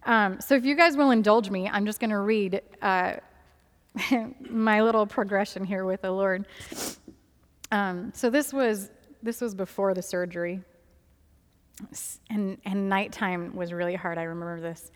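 A woman's voice: medium pitch, fairly even intonation, unhurried. Woman giving a testimony in a reverberant hall. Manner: candid and conversational, with frequent ums and small laughs. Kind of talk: personal faith testimony talk.

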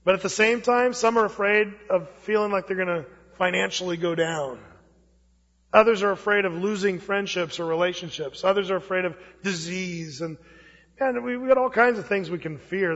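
Male pastor, high voice, casual sermon delivery, long hall reverb on a muffled recording. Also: fairly bright tone. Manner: conversational preaching with folksy asides.

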